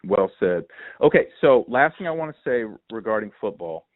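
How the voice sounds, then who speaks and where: A man hosting a casual sports podcast, telling stories in an animated, filler-heavy way. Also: fairly low pitch, normal speed, no echo. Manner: animated storyteller, lots of fillers. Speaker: podcast host. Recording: dry phone-like line.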